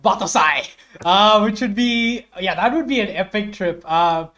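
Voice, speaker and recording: Enthusiastic Indian English player thinking aloud. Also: male voice, high voice, lively intonation, measured pace, pushed and bright. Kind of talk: pitching character ideas in a game chat.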